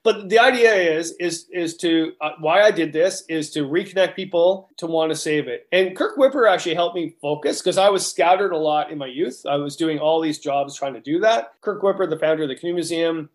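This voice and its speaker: A man's voice: a little high, a little fast, hardly any pauses. A man, a guidebook author talking as a guest in a hyper, rambling way with many restarts. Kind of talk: casual interview chat.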